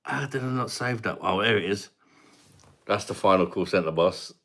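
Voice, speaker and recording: A British man hosts a casual live-stream beer review in a low, deep voice with a fairly bright tone, talking at a moderate pace. He banters loosely with viewers, laughs often and slips in the occasional casual swear word.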